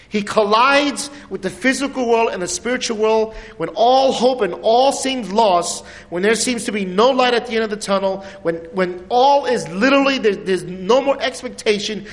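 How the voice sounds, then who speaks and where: High-voiced man preaching in a reverberant hall. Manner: animated storytelling with dramatic pitch swings and soft drops. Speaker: pastor. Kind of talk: sermon.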